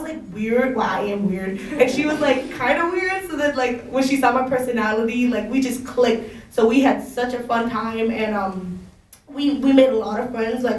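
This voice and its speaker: Chatty young woman speaker, high voice, giggly, heard from across an echoey room. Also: recorded from a distance. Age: young adult. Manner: chatty, giggly, says "like" a lot. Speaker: college panel speaker. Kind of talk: casual talk to students. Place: school room.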